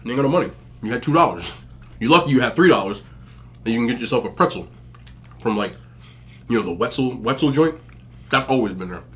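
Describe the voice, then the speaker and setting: Joking man with a lively voice. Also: mid-range voice, quick pace, long pauses. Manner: relaxed, joking, laughs often, speaks slangy. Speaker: mukbang host. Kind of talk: casual storytelling to viewers.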